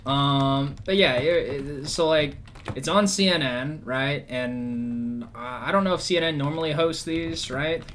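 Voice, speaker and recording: A man talks in a loose, rambling rant, cursing freely and dripping with sarcasm. His voice sits a little high for a man. A faint hiss of noise runs under the recording. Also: moderate pace, fairly bright tone. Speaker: vlogger. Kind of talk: casual rant.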